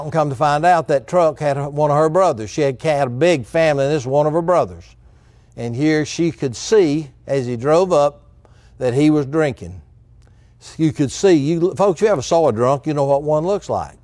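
A man's voice: fairly high pitch, expressive, moderate pace, darkish tone, no echo. A man preaching a sermon as pastor, folksy and direct with the congregation.

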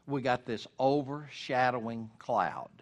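A man preaching a sermon in an earnest, folksy way, rising to loud emphasis at key points. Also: medium pitch, expressive, a little slow. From United States.

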